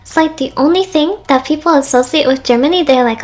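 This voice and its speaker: A woman guest chats casually with a dry, teasing humor and soft little laughs. Her voice is high. Faint music sits underneath. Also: brisk. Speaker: guest streamer. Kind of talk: casual chat.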